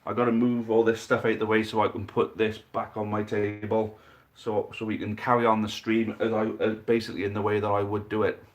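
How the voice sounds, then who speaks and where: A man commentating a football dice game live for a stream, building excitement at big moments and chatting to viewers as mates. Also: on the low side, brisk.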